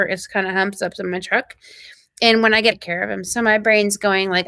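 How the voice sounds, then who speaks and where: Woman, ranch live-stream host, animated storyteller, bright tense voice, dry close sound. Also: mid-range voice, no echo. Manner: animated, quick retelling with acted-out quotes.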